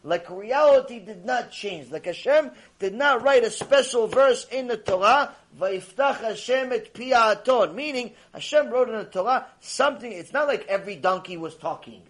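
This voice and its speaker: A man giving a Torah lecture, telling stories and acting out dialogue in a lively, conversational way, mixing in Hebrew terms. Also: very high-pitched, normal speed, few pauses. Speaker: rabbi lecturer.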